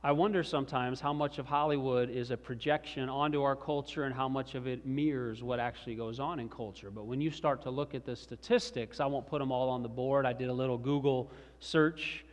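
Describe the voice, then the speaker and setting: A man's voice: mid-range voice, steady tone, brisk, few pauses. Man preaching in an echoing church. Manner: conversational storytelling with chuckles. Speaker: pastor. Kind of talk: sermon. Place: large church sanctuary. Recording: reverberant church hall.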